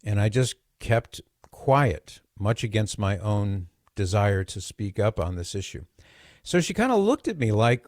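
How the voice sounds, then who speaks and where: A man hosting a radio show, telling a personal story in a lively monologue and acting out the quoted dialogue. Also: lowish voice, a little slow, no echo, studio quality. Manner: animated, acts out quoted dialogue.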